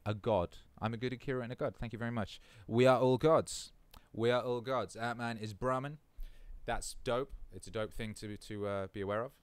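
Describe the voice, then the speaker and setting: A man's voice: medium pitch, fairly even intonation, brisk, smooth, dry recording. A man hosting a casual live stream, reading out chat comments in a laid-back way and swearing freely.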